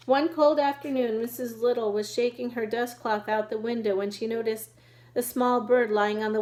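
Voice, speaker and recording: A woman reading a children's book aloud at a steady pace, now and then restarting a word. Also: fairly high pitch, rough recording. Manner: steady reading with occasional restarts over words. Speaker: reader.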